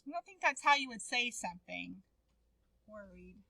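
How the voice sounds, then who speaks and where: A woman's voice: medium pitch, animated, normal speed, vocal fry, pushed and bright, no room sound, poor audio. A woman teaching a writing lesson to a class, calling on students by name and encouraging them.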